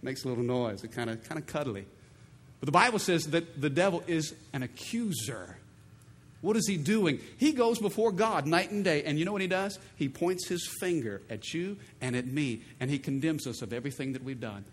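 A middle-aged man, a pastor, preaching a sermon in a playful, animated call-and-response manner in a large church. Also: fairly high pitch, moderate pace, husky. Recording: long reverb of a big hall.

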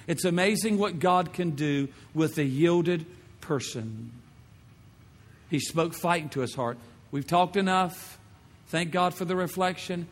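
Male pastor preaching hard, kinda high voice, lots of repeating and questions, big echoey church sound. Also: normal speed. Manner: fervent, repetitive preaching with rhetorical questions. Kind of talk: sermon. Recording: long reverb of a large hall.

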